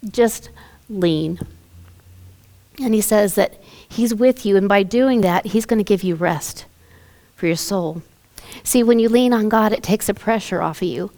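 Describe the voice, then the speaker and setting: A woman pastor preaching a sermon in a gentle, conversational way, asking her listeners questions. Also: medium pitch.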